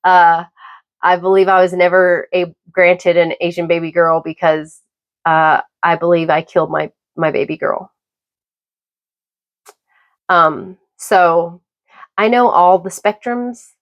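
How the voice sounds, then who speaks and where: A middle-aged woman hosting her own podcast, talking through a personal, opinionated monologue in a halting, emphatic way. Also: fairly low pitch, flat delivery, lo-fi sound. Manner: emphatic, halting with repeated restarts. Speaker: podcast host.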